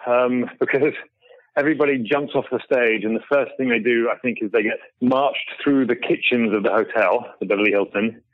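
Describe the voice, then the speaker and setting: A middle-aged man telling lively stories as a guest over a remote call, laughing often and restarting his sentences. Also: mid-range voice, fairly quick, dry recording, phone-quality sound. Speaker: guest photographer. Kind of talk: casual storytelling in an interview.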